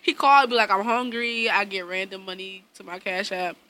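A woman talks in a casual chat, telling blunt, profane stories about her young son and laughing often as she acts out quotes. She's an adult parent, and her medium-pitched voice is a little fast, bright and forceful.

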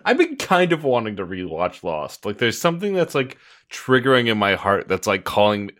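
A man's voice: fairly low pitch, wildly swooping pitch, normal speed, fairly bright tone. A man co-hosting a podcast in casual comedic chat, playful and often laughing. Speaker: podcast co-host.

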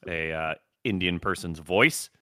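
Male podcast co-host, bright, lively pitch, sardonic, dry close sound. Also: unhurried, no room sound. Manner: sardonic, drops low to mock quoted people. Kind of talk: casual chat.

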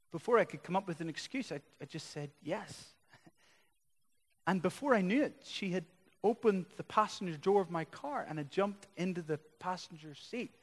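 A man preaching a sermon as a pastor, building to loud, impassioned passages. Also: high-pitched. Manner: impassioned preaching that swells louder. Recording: long reverb of a large hall.

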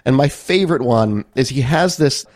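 A man's voice: medium pitch, lively intonation, normal speed, darkish tone, dry recording, studio quality. A man co-hosting a casual movie review podcast, wry and rambling, laughing at the film's flaws. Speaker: podcast co-host.

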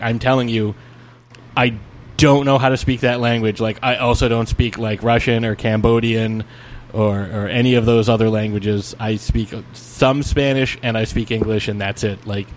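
A man's voice: mid-range voice, steady tone, moderate pace, slight background noise. A man co-hosting a podcast, telling a story in a rambling, casual way, with many restarts and fillers. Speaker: podcast co-host.

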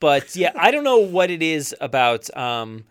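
A man's voice: on the high side, sing-song, measured pace, smooth. A young man co-hosting a casual podcast chat, swearing and rambling while he plays a game. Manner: laughing, swearing, loose rambling. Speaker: podcast co-host.

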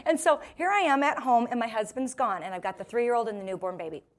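Woman, forties, slightly high voice, humorous storytelling talk, live audience, self-mocking, laughs often. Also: fast. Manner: lively, self-mocking, acts out quoted voices. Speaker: motivational speaker.

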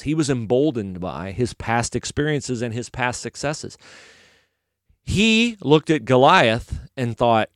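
Lively, conversational Christian man talking. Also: mid-range voice, unhurried, dry recording, studio quality. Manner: conversational, animated storytelling. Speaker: Christian commentator. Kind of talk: casual faith talk.

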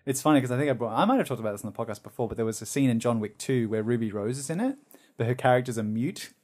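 A man's voice: medium pitch, racing. A man co-hosting a podcast in casual chat, telling stories and acting out quotes with bursts of laughter. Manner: animated storyteller, acts out quotes, laughs often. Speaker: podcast co-host.

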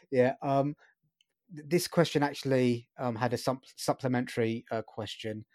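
A man's voice: mid-range voice, unhurried, a little mellow, dry recording, clean studio sound. A man interviewing a guest in a casual way, hesitant and full of fillers.

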